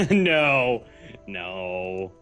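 A man's voice: low voice, big pitch swings, extremely slow, a bit bright, smooth, soft background music. A young man from New England with a nasal voice and a New England American accent, chatting and giggling through a co-op game as a guest. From New England, United States. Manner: giggly and self-deprecating, rambling. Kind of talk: casual gaming chat.

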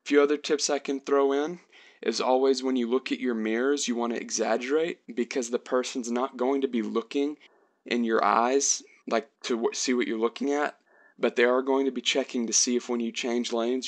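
A man's voice: mid-range voice, steady tone, normal speed. A young man giving earnest, chatty advice in a casual vlog, often restarting his sentences.

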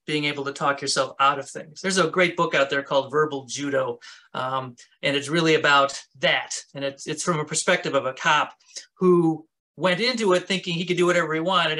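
With a fairly high, bright voice and a forceful tone, a man runs a self-defense workshop. He explains things in a relaxed, conversational way and talks with his hands.

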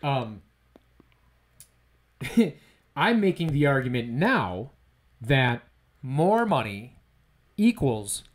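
A man's voice: mid-range voice, sing-song, very slow, long pauses. A man co-hosting a podcast, ranting emphatically in casual political chat. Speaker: podcast co-host.

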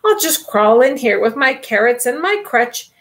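A woman voicing a kindly, polite old gentleman rabbit in a storybook reading. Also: a little high, sing-song, moderate pace. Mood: hopeful. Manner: polite, mildly fussy, sing-song.

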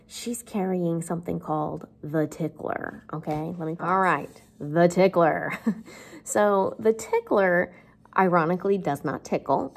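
A woman's voice: medium pitch, gravelly, darkish tone. A woman English teacher explaining a novel in a chatty, wry, conversational way.

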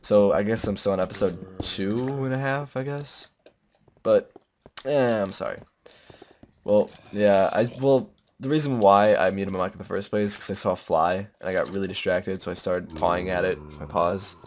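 A man with a fairly low voice talks through a video game in a rambling, jokey way. He turns melodramatic and lets out loud sudden yelps. Faint noise sits under the recording. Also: moderate pace. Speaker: gamer. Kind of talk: let's play commentary.

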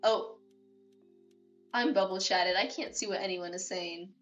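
A woman live streamer chatting casually with her viewers, excitable and gushing, often repeating herself. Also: medium pitch, unhurried, soft background music.

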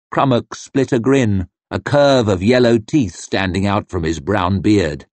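A man reading an audiobook narration with expressive, varied delivery. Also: fairly low pitch, unhurried, few pauses, no room sound. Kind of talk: scripted fantasy narration.

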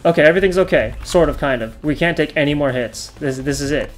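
Excitable young man narrating gameplay. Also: fairly high pitch, fast talker, faint music behind. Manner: excitable, yelling and laughing at close calls; chatty, talks over his play. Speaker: gaming channel host. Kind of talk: gameplay commentary.

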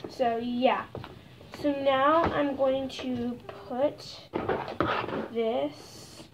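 A high-pitched young woman talks slowly through her slime making, wandering off into self-conscious asides. Her voice sits well above most women's, and there is steady noise behind her. It sounds like a casual home recording. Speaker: slime vlogger. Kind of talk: casual vlog chat.

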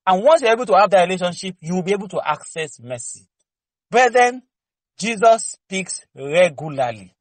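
A man's voice: high-pitched, lively intonation, moderate pace, no room sound, low-quality recording. A man preaching to a congregation, exhorting fervently with rhetorical questions and candid personal stories. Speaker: lay preacher. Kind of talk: preaching teaching session.

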